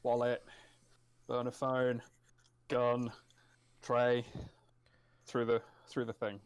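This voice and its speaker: A man's voice: mid-range voice, completely flat delivery, slow pace, clear, resonant tone. A man playing a tabletop game over a call, hesitant and restarting as he describes his moves. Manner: hesitant, restarts a lot when describing actions. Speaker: player.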